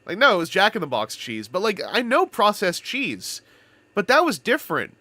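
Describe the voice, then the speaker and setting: A man's voice: sits high, huge pitch swings, moderate pace, pushed and bright, dry recording. A man from Canada chatting casually on a live stream, telling rambling stories with playful wordplay.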